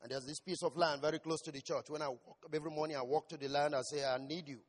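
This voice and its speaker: A male pastor preaching a sermon, shouting at times and asking the congregation questions. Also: on the high side, steady tone, very fast, big-room sound.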